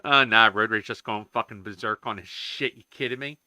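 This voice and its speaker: A man's voice: on the low side, fairly even intonation, brisk, bright, forceful tone, no room sound. A man streaming himself coding, ranting in casual chatter with constant swearing. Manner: profane, ranting, heavy swearing.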